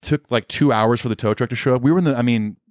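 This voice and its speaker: A man's voice: medium pitch, quick pace, clear, resonant tone, dry recording, studio quality. A middle-aged man, a musician guest on a podcast, telling a long casual story in a rambling, laid-back way full of fillers.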